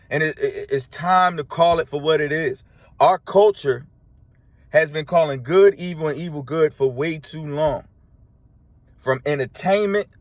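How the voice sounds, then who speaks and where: A man delivers a sermon in a fairly high voice, talking in a blunt, everyday way. He keeps asking "right?" to pull his listeners along, and his voice sounds close and dry, with almost no room around it. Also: no room sound. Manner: preachy, emphatic, frequent "right?" check-ins; colloquial street-flavored speech. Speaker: preacher.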